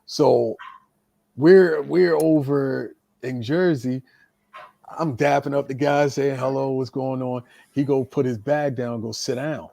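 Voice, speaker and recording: A man's voice: mid-range voice, slow, creaky, no room sound. A man, a veteran wrestler, telling stories casually on a podcast and acting out the quotes. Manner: animated storyteller, acts out quotes. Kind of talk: casual storytelling chat.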